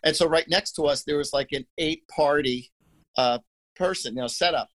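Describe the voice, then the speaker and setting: A man's voice: fairly high pitch, moderate pace, a bit bright, low-quality recording. A man guest telling a rambling story in casual chat, with many fillers and restarts. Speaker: podcast guest, psychic.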